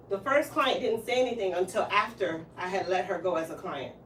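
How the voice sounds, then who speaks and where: A woman's voice: mid-range voice, a little fast, far from the mic. A woman who runs a hair salon, telling a story in casual chat and acting out the lines of the people in it, with frequent laughter. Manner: animated, acts out quoted lines, laughs often. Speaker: hairstylist and salon owner. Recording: roomy room, voice from off mic, faint hiss.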